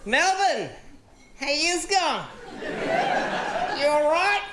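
A man from Venezuela with a Venezuelan Spanish accent, Spanish-speaking by birth, doing animated, profane stand-up comedy on stage. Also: very high voice, very slow, over a noisy crowd, very noisy. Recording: roomy theatre with audience laughter.

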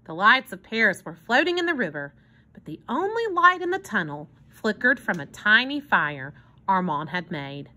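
A woman reading a children's book aloud in an expressive storytelling manner. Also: mid-range voice, moderate pace. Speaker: narrator.

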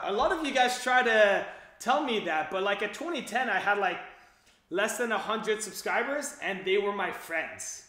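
A man's voice: high voice, animated, normal speed, bright, forceful tone, roomy sound. A young Canadian man with a native French background, chatting casually on a livestream and reading out chat, with lots of fillers.

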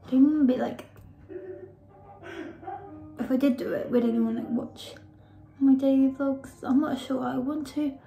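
High-voiced woman vlogging. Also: steady tone, unhurried, vocal fry, pauses often, poor audio. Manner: chatty and rambling, often dropping to a whisper. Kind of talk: casual vlog chat. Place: at home and outdoors. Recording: background noise.

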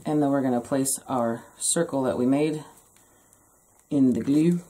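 A woman's voice: a bass voice, a little slow, warm tone. A woman hosting a casual craft tutorial from her home craft room, chatty with jokey asides. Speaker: craft video host.

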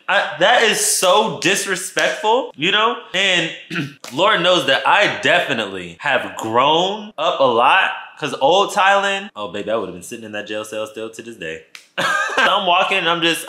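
A man tells a story to his viewers in a lively, swooping voice with a lot of drama. His tone is very bright and a little high, and the room has a noticeable echo. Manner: animated, dramatic retelling addressing viewers. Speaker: vlogger telling a story. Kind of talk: casual storytime.

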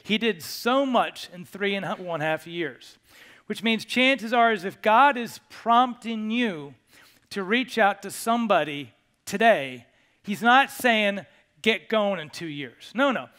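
Male pastor, sermon, high-pitched, bright, animated, joking with the congregation. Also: slow pace, clean tone. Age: over 25. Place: church sanctuary.

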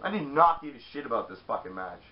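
A man reviewing a wrestling show in casual, profane banter, loud and animated, sometimes shouting. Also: medium pitch, quick pace. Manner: loud, animated, swears often, shouts in mock voices. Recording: dull lo-fi sound.

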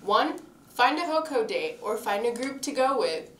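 A teenage girl anchoring school video announcements, reading brightly from a script. She sits a little back from the mic in an echoey room with faint ambience behind. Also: fairly high pitch, very animated, moderate pace, far from the mic, a little hiss or hum. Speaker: student news anchor.

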